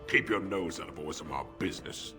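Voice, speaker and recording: An actor playing a hostile, gruff male dwarf in a video game, speaking in a curt, threatening manner. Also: low-pitched, expressive, fairly quick, pushed and bright, soft background music, exaggerated voice.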